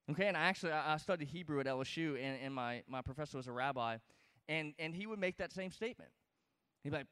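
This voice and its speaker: Emphatic man preaching, slightly high voice. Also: fast talker, sharp tone, smooth, big-room sound. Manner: emphatic, conversational, with frequent check-ins to listeners. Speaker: pastor teaching a Bible study. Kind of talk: expository sermon.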